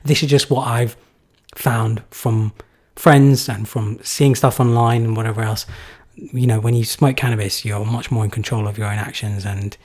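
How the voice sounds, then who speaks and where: A man's voice: on the low side, steady tone, moderate pace, few pauses, a little mellow. A man hosting a live question-and-answer stream, talking in a loose, rambling, casual way with fillers and restarts.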